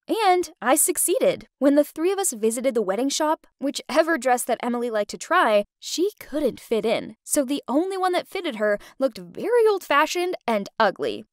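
Bright, lively young woman narrating a story. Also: high-pitched, no room sound, studio quality. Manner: expressive, sarcastic first-person storytelling. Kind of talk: scripted story narration for an animated video.

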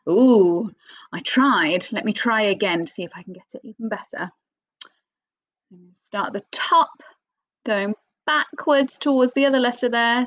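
A woman teaching young children a phonics lesson, speaking in an expressive sing-song teacher voice with little gasps of excitement. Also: a little high, dry recording, poor audio. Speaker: primary school teacher.

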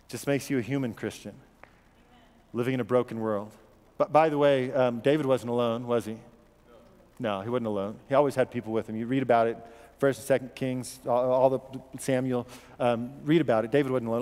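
A man's voice: medium pitch, a little mellow. A man preaching a sermon as pastor, in a conversational, repetitive way with questions to the congregation, in an American accent. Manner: conversational, repeats words, asks the congregation questions. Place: church sanctuary. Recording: long church reverb.

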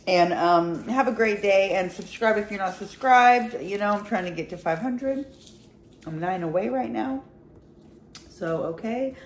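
A woman's voice: mid-range voice, unhurried, a little hiss or hum. A woman talking casually to her viewers in a mukbang vlog, tasting food and swearing freely. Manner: chatty, swears freely, talks between bites. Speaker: vlogger.

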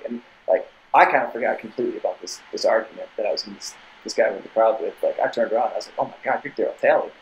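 A man's voice: mid-range voice, slight background noise, rough recording. A young man, a podcast guest, telling a long casual story with many tangents and restarts. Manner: rambling, tangents, repeated restarts.

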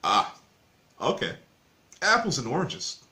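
A male interview host asks questions in an eager, halting way and often stops to restart his sentences. His voice has a sharp, bright edge. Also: medium pitch, wildly swooping pitch.

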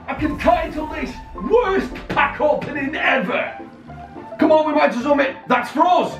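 A man hosting a gaming video, giving excited pack-opening commentary, often shouting and swearing at the game. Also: extremely high pitch, normal speed. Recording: roomy distant mic with faint music.

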